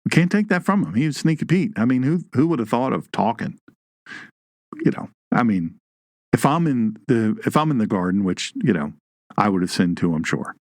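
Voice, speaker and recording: A man's voice: medium pitch, big pitch swings, moderate pace, dry recording, studio quality. A man hosting an online Bible teaching show, with a folksy, joking manner and emphatic rises on key points. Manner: folksy, jokey asides, reads live chat.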